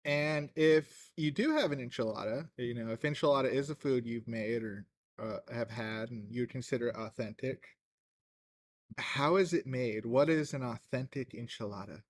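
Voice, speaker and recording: Streaming a game from home, a man with a medium-pitched voice chats casually at a moderate pace, rambling with lots of fillers and laughing often. There's no room sound.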